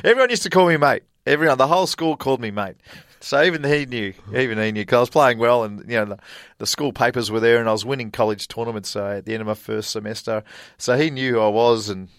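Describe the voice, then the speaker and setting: A man's voice: mid-range voice, fast, few pauses, no room sound, clean studio sound. A middle-aged Australian man, a former college golfer, telling stories in a casual interview, chatty and laughing often. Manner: chatty, laughs often, animated retelling with voiced quotes.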